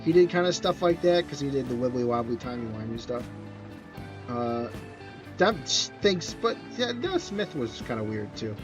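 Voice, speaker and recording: Male streamer, casual rambling chat, animated and slightly high, dull sound with faint music. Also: normal speed. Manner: rambling, self-correcting, answers chat questions.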